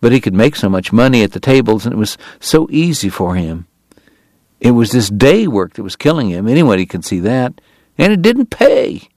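A man reading a novel aloud in measured, deliberate narration. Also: lowish voice, animated, a little mellow, no echo. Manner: measured, deliberate, pausing on lists. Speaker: audiobook narrator.

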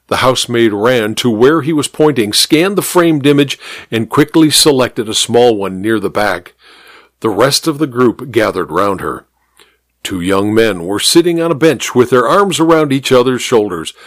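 A man hosting a radio mystery hour, narrating a story in an expressive, measured reading. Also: medium pitch, dry recording, studio quality.

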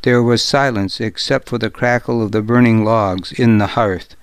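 Casual: guy reading an audiobook in first person, measured, kind of wry, smooth clear voice, dry sound. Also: medium pitch, fairly even intonation, no echo. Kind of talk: audiobook narration.

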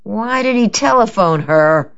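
A woman playing a gruff imperious old woman. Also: low-pitched, animated. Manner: blunt, imperious, slow drawl. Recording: dull lo-fi recording.

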